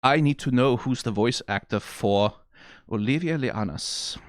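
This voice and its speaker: A man's voice: medium pitch, a little slow, no echo, clean studio sound. Profane Danish man reacting to a game. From Denmark. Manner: rambling and profane, lots of "like". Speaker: reaction video host. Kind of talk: casual reaction commentary.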